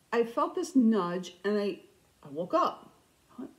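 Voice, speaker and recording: A middle-aged woman hosting a cross-stitch vlog, chatting casually and telling stories with animated, self-mocking humor. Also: on the high side, normal speed, poor audio. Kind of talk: casual storytelling chat.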